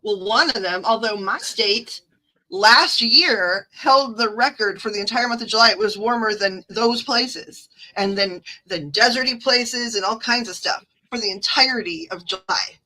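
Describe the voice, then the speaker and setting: Bright-voiced chatty Midwestern woman. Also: fairly high pitch, moderate pace, rough recording. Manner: rambling and chatty, full of fillers and asides. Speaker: livestream card reader. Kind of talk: casual livestream chat.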